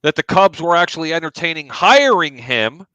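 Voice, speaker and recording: A man's voice: a little high, very animated, moderate pace, pushed and bright, clean tone, dry recording, dull audio. A man co-hosting a casual sports talk show, giving blunt, opinionated rants as a Sox fan.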